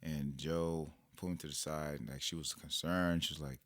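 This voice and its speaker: A man's voice: a bass voice, steady tone, normal speed, hardly any pauses, fairly bright tone, no echo, clean studio sound. A man guest on a parenting podcast, telling family stories and acting out exchanges with animation. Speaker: podcast guest, personal trainer and father. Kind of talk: conversational podcast interview.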